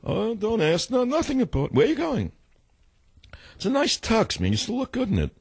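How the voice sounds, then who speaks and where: A coy, self-important old Jewish gent who brags and deflects in a high, sing-song voice, as a radio host puts him on. His pitch leaps well above a normal speaking register and swoops about a lot. The voice sounds slightly husky. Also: wildly swooping pitch, fairly quick, dry recording, exaggerated voice. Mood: coy, boastful. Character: fussy boastful old Jewish man, evasive.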